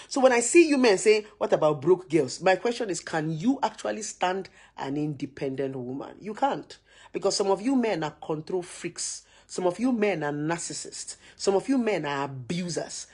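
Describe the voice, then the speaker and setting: A Nigerian woman with a Nigerian accent giving a forceful, preachy to-camera rant full of repeated rhetorical questions. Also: on the low side, husky. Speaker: social media commentator.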